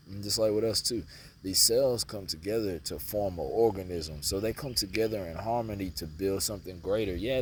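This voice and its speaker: A man's voice: deep voice, slight background noise. A man, giving a slangy, emphatic spiritual talk to camera outdoors. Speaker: spiritual vlogger.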